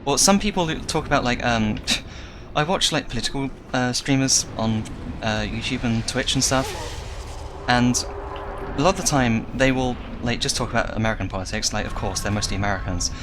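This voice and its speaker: A man's voice: mid-range voice, normal speed, noisy background. A young man, a streamer, ranting and swearing as he comments on his game live. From Britain. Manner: ranting, frustrated, swears often.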